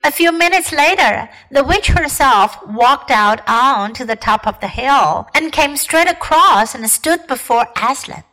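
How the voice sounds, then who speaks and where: A woman teacher reading a classic storybook aloud in a careful, expressive way. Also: high-pitched, unhurried, few pauses, poor audio.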